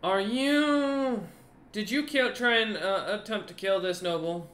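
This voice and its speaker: A man's voice: high voice, measured pace, fairly bright tone, roomy sound, voice pushed up. A man voicing a weary male kobold guard captain who speaks firmly and officiously. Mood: stern. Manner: firm, officious and patient.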